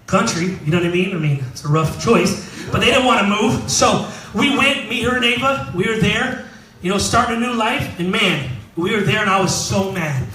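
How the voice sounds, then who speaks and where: A man in his thirties preaches with a very high voice, telling his story to the congregation in a loose, joking way. He sits back from the mic, and his words ring around a roomy hall. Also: sharp tone, far from the mic. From California. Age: 30s. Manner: casual storytelling, jokes with the congregation. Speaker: pastor. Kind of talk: sermon.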